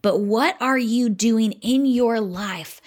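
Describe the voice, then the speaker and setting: A woman in her thirties speaks to fellow mothers in an earnest, conversational faith talk, often checking in with her listeners. Her voice sits fairly high for a woman. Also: takes it slowly, darkish tone. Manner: earnest, conversational, with tag questions. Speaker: Christian mom speaker.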